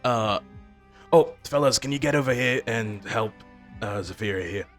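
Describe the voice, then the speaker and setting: A man's voice: medium pitch, moderate pace, soft background music, voice pushed up, lightly acted. A man voicing a tall, armed male agent who mockingly taunts his captive in a falsely friendly way. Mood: smug.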